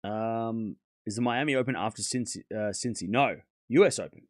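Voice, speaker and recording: A man's voice: fairly low pitch, normal speed, dry recording, clean studio sound. Blunt man with a sore throat. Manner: blunt and animated, scolding chatters, swearing. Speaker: tennis livestream host. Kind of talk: casual livestream chat to viewers' comments.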